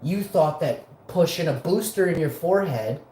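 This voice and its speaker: A man's voice: fairly high pitch, animated, normal speed, mellow. A man hosting a live show, ranting in a profane, combative and mocking way. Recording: roomy echo.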